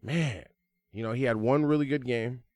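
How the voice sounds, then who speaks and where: A man co-hosting a sports podcast, chatting casually in an excitable, slangy way with big swings in his voice. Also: mid-range voice, normal speed, no echo. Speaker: podcast co-host.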